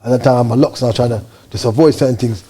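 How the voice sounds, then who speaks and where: A man from Jamaica, telling his story as an interview guest in fast, animated street slang. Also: mid-range voice, slightly rough.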